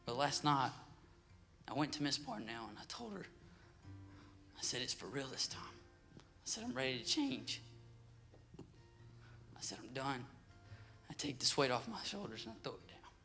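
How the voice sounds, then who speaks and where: A teenage boy giving an earnest, emotional church testimony, his voice dropping soft at moments. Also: medium pitch, animated, normal speed, gravelly, long pauses, soft background music. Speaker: youth group member giving a testimony.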